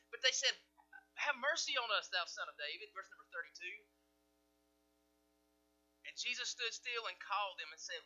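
High, bright-voiced preacher. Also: male voice, muffled recording. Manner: preaching with swings from loud to hushed. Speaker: pastor. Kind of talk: sermon.

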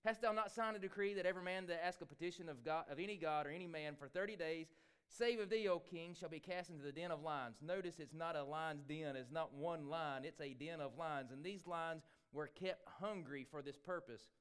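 A male preacher delivering a sermon, swinging between loud exclamations and hushed asides. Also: a little high, a little fast, clear, resonant tone.

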